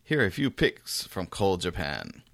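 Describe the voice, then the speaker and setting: A man reading out a friend's message in a mock accent, slow and drawn out. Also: low-pitched, wildly swooping pitch, creaky, a bit bright, no room sound, clean studio sound, heavily acted. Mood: jokey. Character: male friend's voice read aloud in a mock accent.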